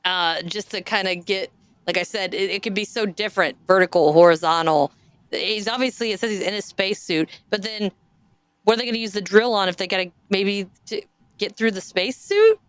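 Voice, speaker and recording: Woman podcast host, chatty and self-mocking, smooth voice, dry close mic. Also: medium pitch, fairly quick, no echo. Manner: chatty, jokey, self-deprecating, trails off and restarts. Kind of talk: casual chat, reading listener stories aloud.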